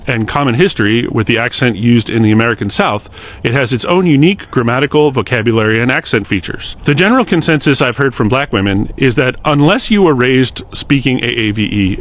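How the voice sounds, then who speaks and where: A man hosting a short explainer video series, talking straight to camera in a direct, earnest and lightly sarcastic way. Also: mid-range voice. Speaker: host of a social media series. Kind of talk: scripted explainer monologue to camera.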